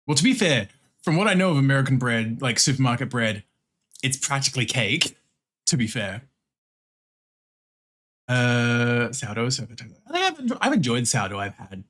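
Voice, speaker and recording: Australian man, livestream chat, animated pitch, casual swearing, laughs a lot. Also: normal speed, long pauses. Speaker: streamer.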